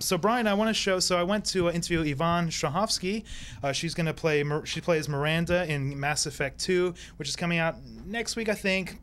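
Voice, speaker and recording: A man's voice: fairly high pitch, fairly bright tone, clear, resonant tone. A man with a Brooklyn accent hosting a live gaming show in an upbeat, joking way. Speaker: host. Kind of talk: live web show chat.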